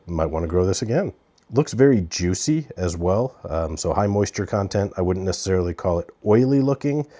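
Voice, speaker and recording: A man chatting casually as he reviews a pepper from his garden, relaxed and talkative with fillers. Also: sits low. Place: outdoors in a garden on a hot day.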